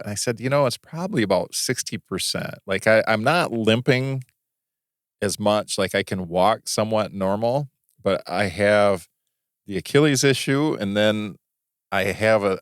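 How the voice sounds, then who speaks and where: A man co-hosting a podcast in casual chat, telling stories in a rambling, halting way with many restarts. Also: lowish voice, smooth, no echo, clean studio sound. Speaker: podcast co-host.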